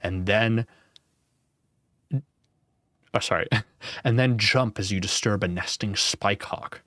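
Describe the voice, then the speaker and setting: Speaking slowly in a fairly low, fairly bright voice, this young channel host plays through a gamebook as he reads it aloud. The sound is clean studio audio with no echo, and his manner is relaxed and wry, with the odd swear and laughs at his own mistakes.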